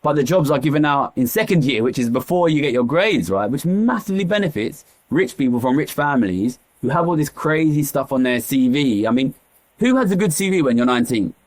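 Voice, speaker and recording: A man's voice: medium pitch, animated, a little fast. A man with an East London accent, speaking as an economist guest in an interview, talking passionately and repeating phrases for emphasis. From East London, England. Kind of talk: candid interview talk.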